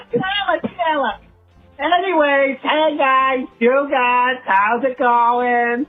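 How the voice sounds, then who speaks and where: A man's voice: very high voice, drawn-out words, soft background music, exaggerated voice. A man putting on a gushing pig-walking caller on a tinny voicemail. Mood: excited. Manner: gushing, rambling voicemail chatter. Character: excitable male caller who walks a pig.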